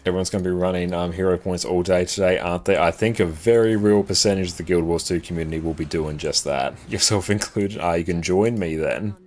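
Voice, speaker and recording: Speaking briskly with barely a pause, a deep-voiced South Australian streams a game, commenting casually, reading chat, and making laid-back, dry jokes. There's slight background noise.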